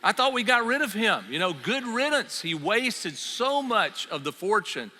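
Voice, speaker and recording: A man's voice: high-pitched, sing-song, unhurried, sharp tone, in a large hall, pitched above the performer's own voice, exaggerated voice. A man preaching who acts out a resentful grown older brother, with a scornful, mocking edge.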